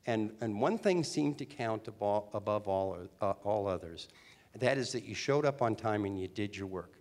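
An older man in his sixties tells stories from his show-business past in a chatty, animated way. He restarts sentences often and keeps a mid-range voice. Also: mid-range voice. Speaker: guest, former teen singer and actor. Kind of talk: storytelling interview talk.

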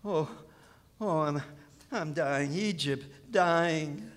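An actor playing a flustered, fussy official of the cosmos in a rhymed radio play, fretting theatrically in verse. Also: male voice, a little high, extremely slow. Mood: fretful. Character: flustered cosmic official, fussy middle-aged man. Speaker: vice president in charge of physiochemistry.

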